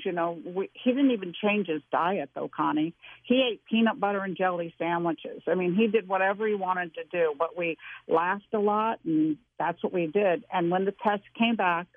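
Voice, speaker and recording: An older woman tells a personal story as a guest, earnest and animated, circling back with restarts. Her voice sits at a middling pitch. It comes through a dry, narrow phone line. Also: no room sound. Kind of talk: casual storytelling interview.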